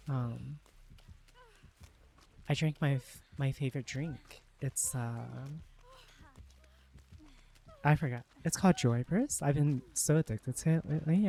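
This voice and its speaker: A relaxed streamer talking through a live game in a soft, hushed voice that leans toward ASMR. The tone is mellow and dark, with a rambling, easygoing flow and frequent small laughs. Mid-pitched and unhurried. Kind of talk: casual live gameplay chat.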